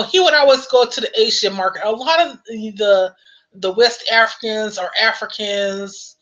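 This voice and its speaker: An American woman telling a story in a casual, animated way, full of "you know" and laughter. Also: medium pitch, lo-fi sound. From United States. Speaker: vlogger.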